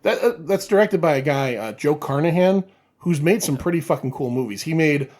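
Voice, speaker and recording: A man's voice: fairly high pitch, lively intonation, brisk, a little mellow. A man on a podcast as a guest, giving enthusiastic, profanity-laced movie opinions in casual chat.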